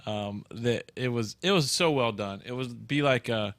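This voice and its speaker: A man hosts a loose, casual chat show with a bright, forceful voice. He tells stories animatedly and keeps breaking into squeaky character voices. The sound is dry, with little room echo. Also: a little slow. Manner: animated storyteller, jumps into high-pitched character voices. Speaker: host.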